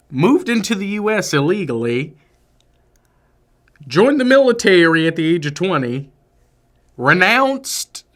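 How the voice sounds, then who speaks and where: A man co-hosting a film review podcast, chatting casually and giving opinionated, emphatic takes. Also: a little high. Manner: animated, opinionated, drawn-out emphasis. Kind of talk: casual movie review chat.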